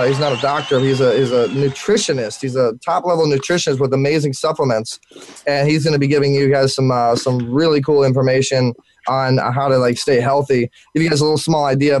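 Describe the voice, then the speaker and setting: A man's voice: a little high, no room sound. Guy hosting a live web show, sick, keeps repeating words, dry close mic. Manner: energetic, repeats words, many fillers. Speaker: talk show host. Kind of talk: live internet talk show.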